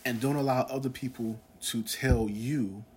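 A man's voice: medium pitch, steady tone, a little slow, a little mellow, a little hiss or hum. A man in his forties hosting a podcast, talking in an earnest, rambling monologue with many fillers and restarts. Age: 40s. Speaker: podcast host. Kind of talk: casual religious podcast monologue.

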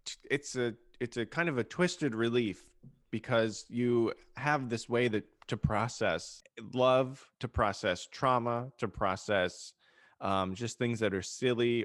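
A man hosting a podcast, talking in a gentle, supportive and somewhat hesitant way. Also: on the low side, a little slow, dry recording, clean studio sound. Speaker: podcast host. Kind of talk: casual podcast conversation.

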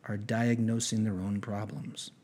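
A man's voice: on the low side, level tone, a little slow, a little mellow, husky, pitched below the performer's own voice. A man putting on the voice of a jovial German auto shop owner with a thick German accent, speaking through laughter. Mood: amused. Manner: laughing, amused telling.

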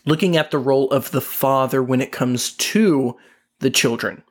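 A man hosting a casual Christian podcast, affirming his co-host and reading scripture slowly and deliberately. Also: medium pitch.

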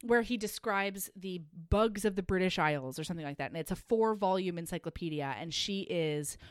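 A woman co-hosting a casual podcast, recapping a romance novel with profanity and quick acted-out asides. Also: fairly low pitch, smooth, dry recording, clean studio sound. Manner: animated, profane, acts out characters in quick asides. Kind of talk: casual chat.

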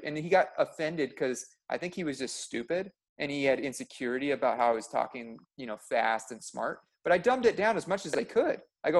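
A man's voice: medium pitch, expressive, fairly quick, few pauses. A young adult man, a medical practitioner, talking intensely and bluntly in casual podcast chat, swearing freely.

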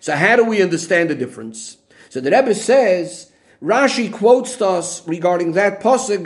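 Brief: male Torah teacher, high voice, methodical explainer. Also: animated, moderate pace. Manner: methodical, restates points with Hebrew terms. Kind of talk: explaining a Rashi commentary.

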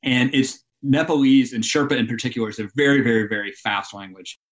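Man, mountain guide guest, animated storyteller with frequent laughs. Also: medium pitch, fairly quick. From Alabama. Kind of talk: storytelling interview.

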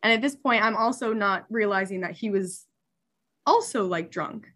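A young woman, a superyacht stewardess, telling a story in casual chat, animated and laughing, with many filler words. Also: medium pitch, moderate pace.

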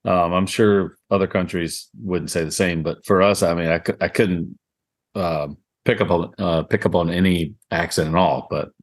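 A man's voice: low-pitched, fairly even intonation, normal speed. A man with a Southern drawl, co-hosting a golf podcast in a rambling, easygoing way with frequent laughs. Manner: rambling, laughs often, lots of "I mean". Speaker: podcast co-host. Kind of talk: casual golf podcast chat.

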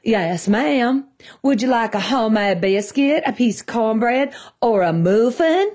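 A woman voicing a cheerful male waiter in his forties who puts on a thick Southern accent, speaking slowly and overly friendly. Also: very high-pitched, expressive, a little mellow. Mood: drawling, friendly. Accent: put-on Southern US. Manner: slow, drawn-out, overly friendly.

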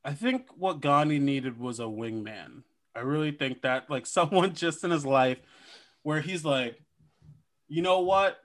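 A man co-hosting a podcast who riffs loosely and swears freely. He acts out imagined conversations in bits. His voice sits at a middle pitch. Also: unhurried. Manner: profane, riffing, acts out imagined dialogue. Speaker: podcast co-host. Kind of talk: casual comedic podcast chat.

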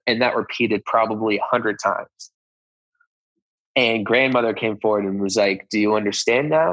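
A man's voice: medium pitch, moderate pace, fairly bright tone, no room sound, rough recording. A man earnestly recounting a personal experience in casual storytelling, acting out conversations as he goes. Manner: earnest, reenacts conversations with "I was like". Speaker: guest telling a personal story.

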